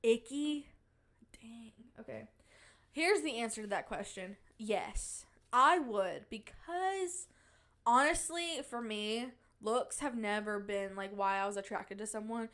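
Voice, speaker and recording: Brief: young woman podcast host, slightly high voice, playful, giggly, teasing self-praise. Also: measured pace, fairly bright tone. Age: young adult. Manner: playful, giggly, mock-dramatic bragging. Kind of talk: casual chat.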